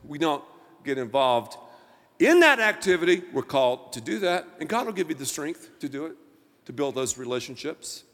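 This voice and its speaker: A man preaching a sermon as pastor, emphatic, rising to near shouts and dropping low. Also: sing-song, moderate pace, in a large hall. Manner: emphatic preaching with wide swings of loudness and pitch.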